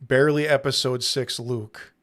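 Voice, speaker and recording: A man hosting a podcast in casual chat, laughing often and pausing with many ums. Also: medium pitch, fairly even intonation, a bit bright. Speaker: podcast host.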